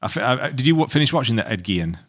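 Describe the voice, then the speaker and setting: A man's voice: mid-range voice, big pitch swings, rapid-fire, a bit bright. A man co-hosting a podcast, chatting casually with lots of laughs and swearing. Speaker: podcast co-host. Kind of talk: casual chat.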